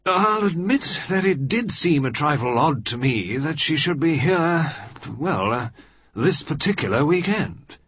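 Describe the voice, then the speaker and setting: A man's voice: mid-range voice, a little fast, sharp tone, no echo, voice pushed up. A man voicing a bluff, blustering older male air marshal in a read-aloud story, raising his voice for the part. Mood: hesitant. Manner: blustering, hearty. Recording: dry, slightly dull recording.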